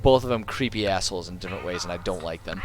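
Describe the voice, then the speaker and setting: A game streamer with a low voice talks fast over faint game music. His commentary while playing is casual and sarcastic, and he heckles the characters.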